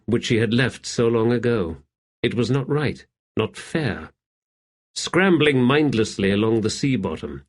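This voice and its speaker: A man narrating an epic fantasy audiobook in a measured, steady way. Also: lowish voice.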